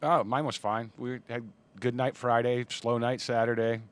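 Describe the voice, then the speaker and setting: A man's voice: medium pitch, level tone, moderate pace. A man co-hosting a casual podcast, telling stories in a dry, matter-of-fact way. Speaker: podcast co-host. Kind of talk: casual pub chat.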